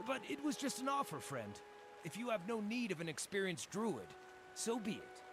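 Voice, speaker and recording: A cheerful wandering druid with a high, sing-song voice that swoops up and down, as a man puts him on. He speaks in a hearty, folksy way. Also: very animated, moderate pace, noisy background. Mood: guarded. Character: cheerful wandering male druid, gruff friendly.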